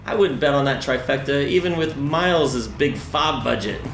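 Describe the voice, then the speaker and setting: A man reads out league results in the manner of a mock news anchor, his delivery dry and sardonic. His voice sits at a middling pitch, and it carries a noticeable room echo. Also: moderate pace, fairly bright tone, soft background music. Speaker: news-style fantasy league co-host. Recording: roomy echo.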